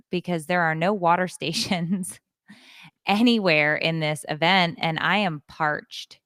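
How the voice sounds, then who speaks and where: Middle-aged woman, podcast co-host, smooth lowish voice, dry close sound, lively storyteller. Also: normal speed, no echo. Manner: animated storyteller, acts out quoted voices. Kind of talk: casual chat.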